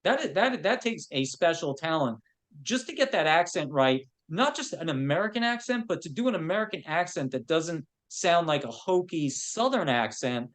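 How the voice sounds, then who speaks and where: Speaking at a moderate pace, a man with a fairly high, expressive, slightly bright voice chats casually on a podcast. He's a film producer sharing loose anecdotes full of "you know."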